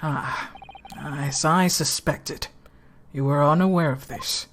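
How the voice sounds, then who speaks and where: A woman voicing a grave, calm older gentleman in a put-on British accent, speaking softly and slowly as she reads game dialogue aloud. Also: sits low, slight background noise, pitched below the performer's own voice. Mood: solemn. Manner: soft, slow and solemn.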